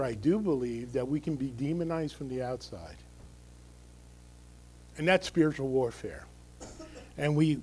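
Husky-voiced male pastor preaching. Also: on the high side, a little mellow, rough recording. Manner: conversational, emphatic, with tag questions. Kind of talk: sermon.

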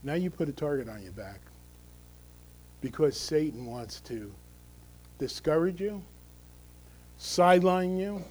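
A man's voice: mid-range voice, darkish tone, breathy edge, low-quality recording. A male pastor giving a conversational, emphatic sermon, often checking in with the congregation through tag questions.

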